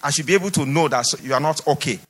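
A man's voice: on the high side, racing, breathy edge. A man preaching a sermon in a church, exhorting his listeners with emphatic, repeated phrases. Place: church hall. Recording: long hall reverb.

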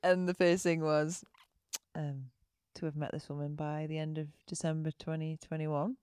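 A woman guest on a podcast, chatting candidly and giggling, with lots of drawn-out filler words. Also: low-pitched, level tone, mellow, clear, resonant tone, dry recording, studio quality. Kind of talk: casual chat.

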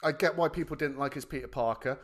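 A man's voice: medium pitch, fast, fairly bright tone, slight background noise. A man co-hosting a podcast, chatting about films animatedly and swearing freely. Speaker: podcast co-host. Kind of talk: casual film chat.

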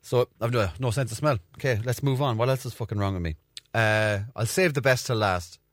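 A man's voice: mid-range voice, fairly quick, no room sound, clean studio sound. A man hosting his own show, telling self-mocking stories about himself in a sweary, casual monologue. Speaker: podcast host.

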